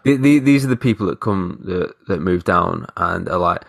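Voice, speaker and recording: In casual podcast chat, a man from the north of England rambles through an anecdote, cursing and doing impressions of the people involved. His gravelly voice sits low with lively intonation at normal speed, and there's no echo.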